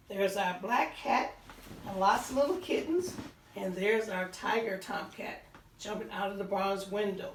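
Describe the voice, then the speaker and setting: A woman reading a picture book aloud to children, pausing to point out pictures and count along. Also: mid-range voice, lively intonation. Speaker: storytime reader. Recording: roomy sound, voice distant from the mic.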